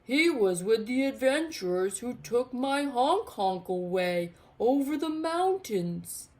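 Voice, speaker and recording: A woman voicing a big male hill troll in a storybook, speaking loudly and slowly. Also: on the high side, very animated, pitched above the performer's own voice. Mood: warning.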